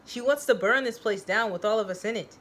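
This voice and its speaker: A woman reading a story aloud, voicing a panicked young man who shouts accusations. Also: medium pitch, brisk, voice pushed up, natural voice. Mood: frantic.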